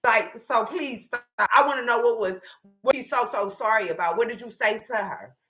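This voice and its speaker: Woman commentator, bright tone, roomy sound; blunt, opinionated, profane. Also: on the high side, moderate pace, faint music behind. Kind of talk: casual reaction commentary.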